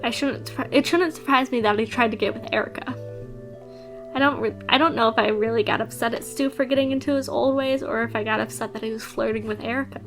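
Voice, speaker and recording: A woman's voice: on the high side, quick pace, a bit bright, faint music behind. Young woman reading a visual novel aloud. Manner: chatty, laughs and reacts. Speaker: gamer playing a visual novel.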